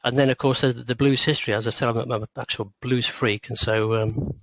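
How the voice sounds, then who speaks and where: A man in his sixties from rural England, a guest author on an interview show. He speaks at a mid pitch and picks his words slowly, with many pauses and restarts. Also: fairly even intonation, no echo, poor audio. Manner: hesitant, many fillers and restarts.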